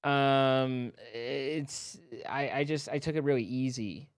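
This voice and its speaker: A man's voice: medium pitch, fairly even intonation, takes it slowly, a little hiss or hum. A man co-hosting a stream, rambling in casual chat with many fillers and restarts. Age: middle-aged. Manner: rambling, self-interrupting, lots of fillers. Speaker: streamer co-host.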